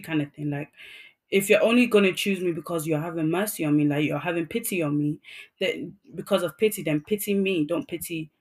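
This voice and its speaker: A woman co-hosting a relaxed podcast, recapping a drama she loved. She talks effusively and animatedly, piling up fillers as she tells the story. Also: on the low side, fairly quick. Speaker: podcast co-host. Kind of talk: casual chat reviewing a drama.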